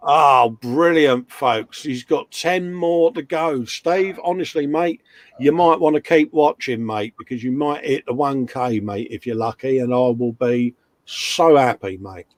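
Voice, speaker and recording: A man's voice: medium pitch, a little slow, dry recording. A middle-aged man hosting a casual live stream, chatting, reading viewer comments aloud and slipping in puns.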